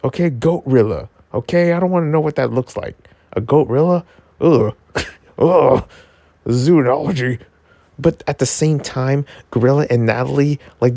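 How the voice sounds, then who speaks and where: A man giving a casual episode review, excitable and rambling, full of filler words and jokes. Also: moderate pace, no echo. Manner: jokey, yelps into high pitch.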